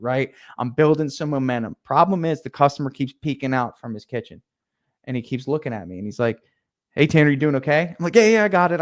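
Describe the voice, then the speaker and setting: Young male podcast guest, lively storyteller, acts out his own lines. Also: medium pitch. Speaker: podcast guest, painting contractor. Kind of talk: casual storytelling.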